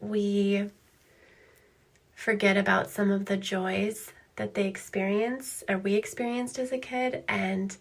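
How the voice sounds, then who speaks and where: Slow, gravelly-voiced mom, even tone. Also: female voice, mid-range voice. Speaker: parent of young children. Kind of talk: reflective talk.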